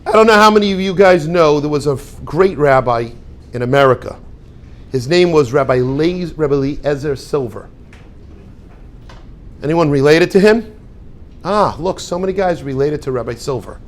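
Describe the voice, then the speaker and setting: A man, a rabbi, teaching a class in an animated way, acting out everyday dialogues and putting rhetorical questions to his students. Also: fairly high pitch, moderate pace, long pauses. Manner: animated, acts out little dialogues in quoted voices. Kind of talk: lively classroom talk.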